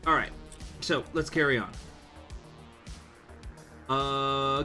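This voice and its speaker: A man's voice: mid-range voice, very animated, very slow, pauses often, pushed and bright, soft background music. A man hosting a strategy game playthrough, mumbling asides and reading the game's event text aloud in a casual way. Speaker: gaming channel host.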